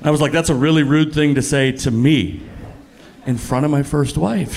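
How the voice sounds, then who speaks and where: Stand-up comic, male, thirties, punchy and animated, lands his jokes with sudden jumps up in pitch; voice sits a touch high. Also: moderate pace. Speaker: stand-up comedian. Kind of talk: stand-up comedy set. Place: comedy club stage before a laughing audience.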